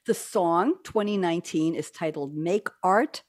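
A woman's voice: on the low side, a little slow. A woman hosting an online talk show from her home desk over a video call, chatty and digressive, laughing often. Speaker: host. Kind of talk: casual chat on a video call. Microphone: desk microphone on a video call.

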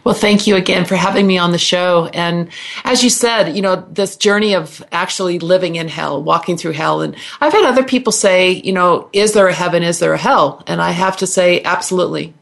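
Earnest middle-aged woman, low voice. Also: vocal fry. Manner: earnest, halting, with restarts and repeated words. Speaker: guest healer and naturopath. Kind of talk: personal story on a radio interview.

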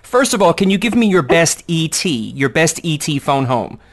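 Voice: mid-range voice, big pitch swings, normal speed. An interview host asking long, rambling questions in a joking, playful way. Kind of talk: casual interview.

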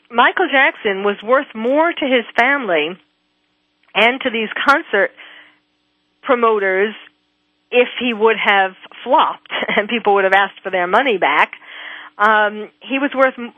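A woman's voice: on the high side, no echo. A woman psychiatrist hosting a talk radio show, musing aloud with many hesitations and fillers. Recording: phone-like thin audio.

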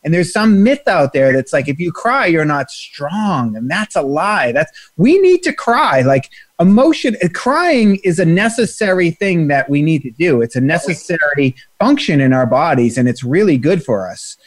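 A man guest in an interview explains breathwork in an earnest, talkative manner. His voice sits fairly high for a man, and the sound is dry and close, with no room echo. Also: big pitch swings, moderate pace, few pauses. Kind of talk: conversational interview.

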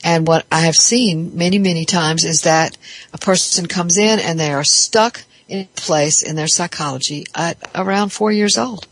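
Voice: mid-range voice, moderate pace, fairly bright tone, no room sound. A therapist giving a reflective, explanatory talk on psychology, thinking aloud with frequent restarts.

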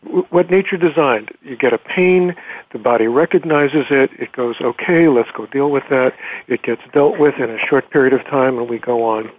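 A man's voice: medium pitch, normal speed. A man hosting an interview, talking in a reflective, conversational way with frequent hedges like "you know". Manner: reflective, conversational, with hedging fillers. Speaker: interview host, clinician. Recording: tinny phone-like audio.

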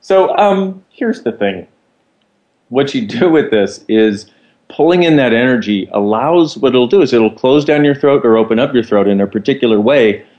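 A man's voice: mid-range voice, lively intonation, moderate pace, darkish tone, highs cut off. A man co-hosting, explaining ideas in a casual, rambling teaching chat. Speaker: co-host.

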